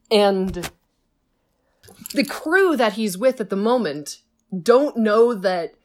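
A woman recounting a story in an unhurried, chatty way, full of asides and fillers. Her voice sits at an ordinary pitch, and she sounds enthusiastic about the tale. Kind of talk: casual retelling of a story.

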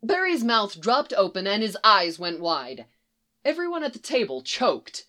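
Brief: woman narrator, steady storytelling reading. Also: medium pitch, a little slow.

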